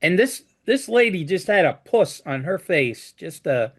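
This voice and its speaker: A man's voice: high-pitched, big pitch swings, a little slow, fairly bright tone, slightly rough. A man who works as a flooring contractor, telling job stories in a casual chat and restarting his sentences often. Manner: storytelling with frequent restarts.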